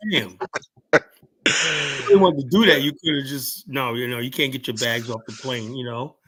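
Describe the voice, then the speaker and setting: A man's voice: mid-range voice, moderate pace, slightly rough. A man from the United States hosting a casual chat, telling stories with lots of profanity and acted-out quotes. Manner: profane, animated storytelling with quoted voices.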